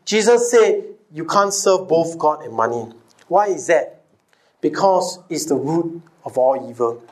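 A man with a high, bright-toned voice delivers a sermon. He keeps turning to the congregation with rhetorical questions and call-and-response, and he hammers key phrases by repeating them. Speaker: pastor.

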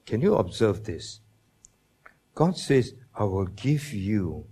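Man preaching, slow deliberate pace, emphatic bible teaching, asks questions. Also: on the low side, very animated, warm tone, slightly rough.

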